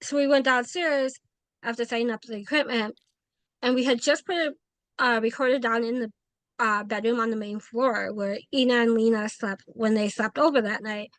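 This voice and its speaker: A woman paranormal investigator telling stories in a casual interview, animated and acting out quoted dialogue. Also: a little high, normal speed, no room sound.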